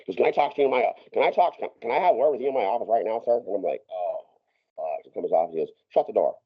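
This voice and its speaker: A man's voice: on the low side, expressive, very fast, breathy edge, muffled recording. A man telling a long story as a podcast guest, profane and rambling, with many restarts and laughs. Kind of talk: casual storytelling.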